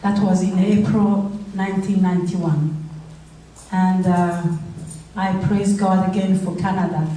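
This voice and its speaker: Woman with a French accent, middle-aged, slow halting speech, very echoey hall, distant mic. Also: on the low side, fairly even intonation, dark tone. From Rwanda. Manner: halting, with many fillers. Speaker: charity founder. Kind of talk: speech at a gala. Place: event hall. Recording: roomy hall audio from far off.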